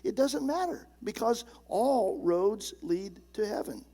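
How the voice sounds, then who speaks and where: A male pastor preaching a sermon, emphatic, slowing down and dropping low and soft on key words. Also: lively intonation.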